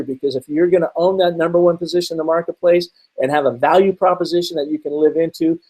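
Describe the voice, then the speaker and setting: A middle-aged man from the Seattle area teaching a webinar, telling stories and asking rhetorical questions with lively energy. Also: a little high, rough recording. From Seattle, Washington area. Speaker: webinar presenter.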